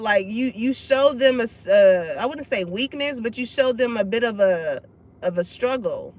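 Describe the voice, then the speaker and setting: Woman, high voice, casual tarot reading, profane, blunt, laughs a lot. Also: lively intonation, normal speed, rough recording. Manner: blunt, profane, laughs often, acts out others' lines. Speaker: tarot reader. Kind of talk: casual spoken reading to viewers.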